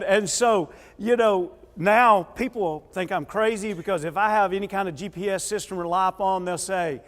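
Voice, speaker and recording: Male preacher, high voice, animated storyteller, echoey church hall. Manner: animated storyteller, acts out quoted voices, drops quiet and earnest later. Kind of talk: sermon with personal stories. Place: church auditorium.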